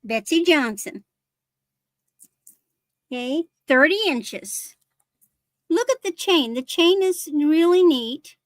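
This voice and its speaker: Casting: high-pitched, unhurried woman, excitable seller on a live stream, dry close sound. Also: no echo. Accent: American. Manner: gushing, excited over jewelry details. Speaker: online vintage seller. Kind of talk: live sale show chat.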